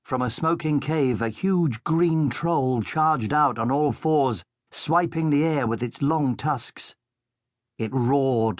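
A man reads a children's adventure story in a steady, measured way, taking his time over each line. His mid-range voice sits close and dry on the microphone, with no room around it. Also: medium pitch, dry recording. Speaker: audiobook narrator. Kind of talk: scripted children's audiobook narration.

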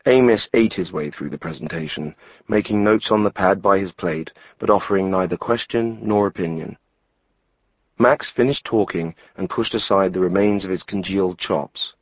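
A man reading a novel aloud as narrator, in a wry, measured way. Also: deep voice, no room sound, dull audio. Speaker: audiobook narrator. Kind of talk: scripted narration.

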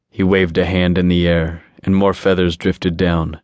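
A man reading an audiobook in a steady, measured scripted narration. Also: low voice, clear, resonant tone, dry recording, studio quality.

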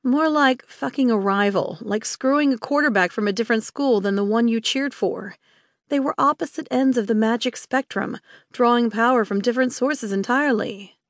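A woman narrating an audiobook in a lively, expressive storytelling manner. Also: a little high, moderate pace, no room sound, clean studio sound.

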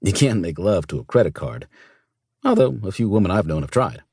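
A man narrating a first-person audiobook in a smooth, measured storytelling manner. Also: sits low, big pitch swings, a little mellow, dry recording, clean studio sound.

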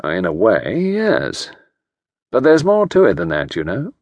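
A man voicing a pleasant, quiet, non-committal older gentleman who speaks in measured, hesitant phrases. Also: fairly low pitch, huge pitch swings, creaky, no room sound, muffled recording, heavily acted. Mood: evasive. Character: calm male advisor, pleasant and non-committal.

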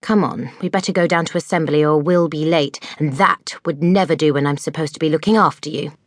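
A woman's voice: sits low, brisk, no echo, clean studio sound. A woman voicing an earnest, worried young schoolgirl witch who keeps warning her friend. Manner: anxious, warning.

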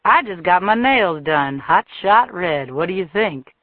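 A woman's voice: on the low side, expressive, a little slow, no room sound. A woman doing a sassy, gossiping woman. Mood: gossipy. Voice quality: brash, gossipy. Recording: thin phone-like dry sound.

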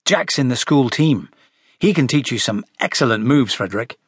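A man's voice: mid-range voice, lively intonation, moderate pace, slightly rough, no echo, clean studio sound. A male narrator voicing a friendly, eager boy who speaks in an upbeat, encouraging way. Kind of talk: audiobook character voice.

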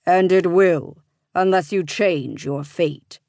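A woman voicing a stern male judge of the dead in an audiobook, speaking in a slow, commanding way. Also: on the low side, gravelly, a little mellow, no room sound, studio quality.

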